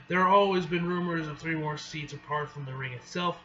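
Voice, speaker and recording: A man's voice: fairly high pitch, pushed and bright. Man reading comics aloud, dull mic. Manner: halting, restarts words often while reading. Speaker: comic reaction vlogger. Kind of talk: casual read-aloud with asides. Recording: dull lo-fi with faint hiss.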